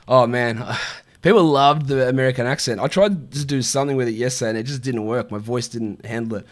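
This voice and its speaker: Chatty man hosting a show. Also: medium pitch. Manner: chatty, offhand, quick answers to viewer questions. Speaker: fantasy basketball show host. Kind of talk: casual live-stream Q&A.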